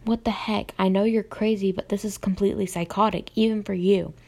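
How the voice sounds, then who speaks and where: A woman's voice: lowish voice, fairly even intonation, normal speed, gravelly. A young woman voicing a frightened, hurt teenage girl in her storybook reading, who pleads and explains nervously.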